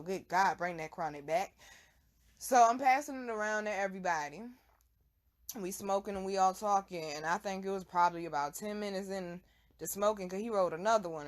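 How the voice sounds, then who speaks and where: A young adult woman telling a casual, animated story full of laughter and profane slang. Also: mid-range voice. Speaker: vlog host.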